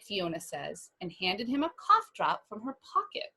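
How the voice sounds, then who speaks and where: A woman reading a children's picture book aloud, with animated asides to her listeners. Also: mid-range voice, unhurried, slightly rough.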